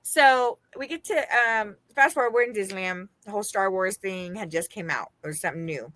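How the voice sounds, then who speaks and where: A woman from Las Vegas co-hosting a podcast, telling a story in casual chat, animated and laughing as she quotes the people in it. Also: mid-range voice, a little fast, no echo. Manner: animated, laughing, quoting others in her story. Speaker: podcast co-host.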